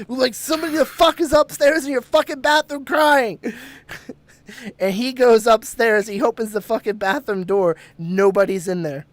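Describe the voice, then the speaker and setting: A man on a podcast tells a ghost story casually, swearing freely and rambling with laughs and restarts. His voice is high-pitched and fairly bright, recorded with no room sound.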